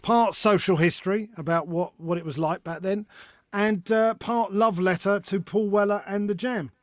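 High-voiced man, lively storyteller. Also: normal speed, dry recording, clean studio sound. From North London, England. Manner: animated storyteller, acts out voices. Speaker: guest author and comedian. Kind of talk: casual chat.

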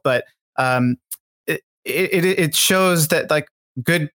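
A male guest talks in a loose, conversational way, circling his points with plenty of ums and restarts. His voice sits at an ordinary middle pitch for a man. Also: fairly bright tone. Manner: rambling and thoughtful, many fillers and restarts. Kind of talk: casual interview talk.

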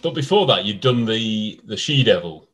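A man's voice: on the low side, sing-song, normal speed, fairly bright tone. A man interviewing a guest, asking curious, encouraging questions.

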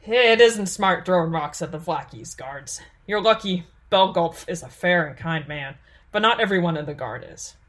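A chatty, folksy bald man talks in a loud, raised voice, as a woman narrating the audiobook puts him on. He sounds friendly and easygoing, a touch lower and fuller than the narrator's own voice, and keeps the talk loose and neighbourly. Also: expressive, moderate pace. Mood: warning.

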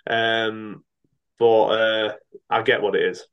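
A man's voice: on the low side, flat delivery, slow pace, smooth, dull audio. A middle-aged man, a boxer and coach, talking casually in an interview. He speaks frankly, rambling with many restarts and fillers.

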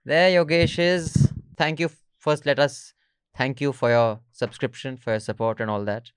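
A man's voice: mid-range voice, fairly even intonation, normal speed, clean tone, dry recording, studio quality. Chatty man hosting a podcast. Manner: chatty, teasing, rambling with fillers. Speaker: podcast host. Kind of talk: casual panel chat.

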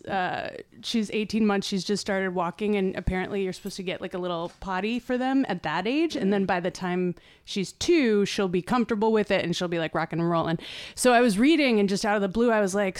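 A woman guest on a podcast tells a story in relaxed chat. She laughs along as she talks. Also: medium pitch, fairly quick, no room sound, clean studio sound. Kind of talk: casual chat.

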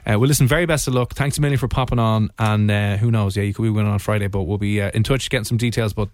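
A man hosting a radio show, chatting and joking quickly with callers and his co-host. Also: fairly low pitch, fairly even intonation, a little mellow, dry recording. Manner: fast, jokey and chatty. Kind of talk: casual radio chat.

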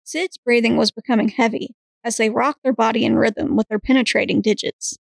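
A woman with a raised voice and a gravelly fry reads a story aloud at a steady pace. The recording is dry and close, with no room sound. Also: on the high side, fairly quick, dry recording, low-quality recording. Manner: steady reading, breaks into laughs. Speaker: podcast co-host and story reader. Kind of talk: reading erotic fiction aloud.

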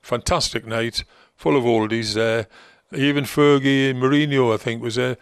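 An older man with a gravelly, fry-laden voice reminisces in a rambling, anecdotal way. He acts out the lines of people from his stories as he goes. The sound is dry and close. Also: mid-range voice, fairly even intonation, moderate pace, dry recording. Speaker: former football manager, guest. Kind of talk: anecdotal storytelling in conversation.

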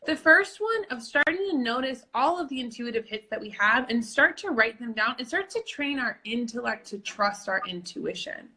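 A woman who works as an intuition coach, explaining tools in an animated, encouraging way in a casual podcast chat. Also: a little high, moderate pace, few pauses.

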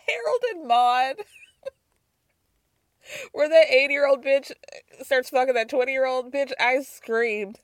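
A woman's voice: high voice, slow, long pauses, dry recording, clean studio sound. A woman hosting a casual recap podcast, gossiping and laughing as she acts out quotes, with a cold. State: has a cold. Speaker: podcast host.

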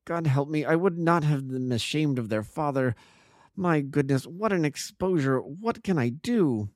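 A man doing a pleading, anguished gentleman prisoner. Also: on the high side, normal speed, clean tone, no room sound, studio quality, voice pushed up, close to an everyday voice. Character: pale, distraught disguised gentleman prisoner.

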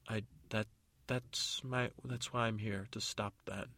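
A man's voice: fairly low pitch, steady tone, unhurried, bright, forceful tone, dry recording, full character voice. A man voicing a flustered, evasive fairy godmother woman who stammers and hesitates. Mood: hesitant.

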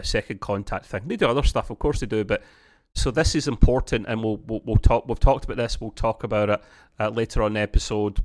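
Rambling man co-hosting a review chat. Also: on the low side. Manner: rambling, full of restarts and fillers, laughs often. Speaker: podcast co-host reviewing a TV episode.

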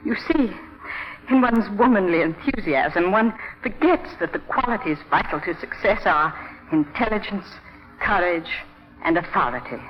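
An actress playing a clever village schoolteacher who sweetly flatters and persuades, in a 1950s radio drama on a dull old broadcast recording. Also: female voice, on the low side, moderate pace, natural voice. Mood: persuasive. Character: clever, scheming village schoolteacher woman, middle-aged.

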